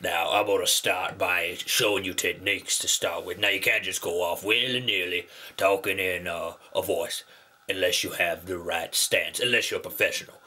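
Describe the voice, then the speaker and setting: A man putting on a calm older gentleman with a low, husky voice that still has a bright edge. He talks in a casual, matter-of-fact way. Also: moderate pace, exaggerated voice. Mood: laid-back.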